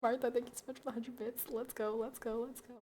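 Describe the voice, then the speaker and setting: A woman's voice: fairly high pitch, little pitch movement, quick pace, darkish tone. A young woman streaming casually, a little tipsy from wine, giggling as she chats and thanks her viewers. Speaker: livestreamer. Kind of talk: casual stream chat while drinking wine.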